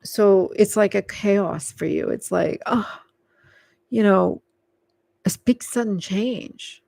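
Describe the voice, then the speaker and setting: Slow, soothing woman tarot reader. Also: medium pitch, creaky, dark tone, no room sound. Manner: rambling and filler-heavy, coaxing and soothing. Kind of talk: live tarot reading, casual and unscripted.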